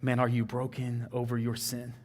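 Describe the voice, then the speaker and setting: A man's voice: mid-range voice, monotone, normal speed, a little mellow. A young man with a Texan accent preaching a sermon in an earnest, conversational way, often saying "man" and "like".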